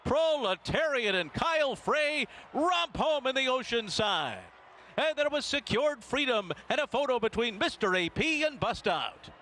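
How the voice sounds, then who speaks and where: A man calling a horse race, rapid and rhythmic, building to the finish. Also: very high-pitched, lively intonation, bright, forceful tone, a little hiss or hum. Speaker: race caller.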